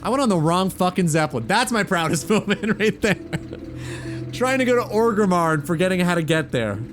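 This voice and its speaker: Laid-back male streamer, slightly higher voice. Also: brisk, soft background music. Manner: relaxed, rambling, swears casually. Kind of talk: casual gaming stream chat.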